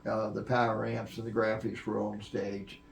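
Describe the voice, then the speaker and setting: An older man with a gravelly, creaky voice spins a long, rambling tale. He stumbles through fillers and restarts as he goes. The sound is roomy and echoey. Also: fairly low pitch, completely flat delivery, moderate pace, a little hiss or hum. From Oak Cliff, Texas. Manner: rambling storyteller with many fillers and restarts, acting out quoted voices. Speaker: guest, music producer and live sound engineer. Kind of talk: long storytelling interview. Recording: roomy echo.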